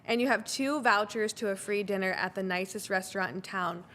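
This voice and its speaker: A woman hosting a casual interview, upbeat and quick to laugh as she sets up playful scenarios. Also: mid-range voice, fairly bright tone. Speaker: podcast host.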